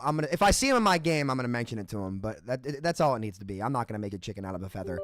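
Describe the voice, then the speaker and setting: A man's voice: fairly high pitch, a bit bright, dry recording, studio quality. A man streaming a game, ranting in heated, profane bursts and repeating himself as he talks. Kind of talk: livestream rant between matches.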